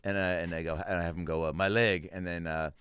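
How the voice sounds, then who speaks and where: A man's voice: deep voice, little pitch movement, fast talker, clear, resonant tone, dry recording. A man hosting a podcast, telling a stand-up story in casual chat and acting out the bits. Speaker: podcast host.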